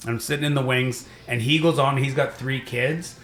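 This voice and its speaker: Animated man telling stories. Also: mid-range voice, moderate pace. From Canada. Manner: animated storyteller, acts out voices of others. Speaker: stand-up comedian guest. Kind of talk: casual storytelling chat. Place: podcast studio. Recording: roomy echo.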